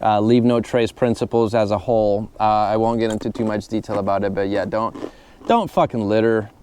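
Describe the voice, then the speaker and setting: A man's voice: fairly low pitch, steady tone, brisk, darkish tone, slight background noise. A man hosting a casual podcast outdoors on a trail, sassy and laughing often, with some swearing. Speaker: podcast host. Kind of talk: casual chat.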